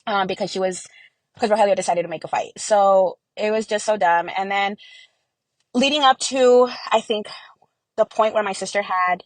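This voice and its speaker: A woman's voice: mid-range voice, moderate pace, dry recording, poor audio. Woman telling a family story, dry sound. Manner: earnest storytelling with many fillers and quoted dialogue. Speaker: interview guest. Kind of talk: personal testimony in an interview.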